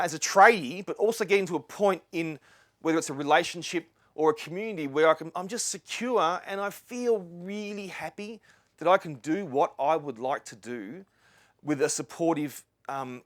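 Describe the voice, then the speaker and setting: A middle-aged Australian man speaks to a live audience in an earnest, rambling way, often restarting and wandering into asides. His voice sits a little high for a man, and the sound is dry and close. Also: a bit bright, dry recording. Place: lecture venue with live audience.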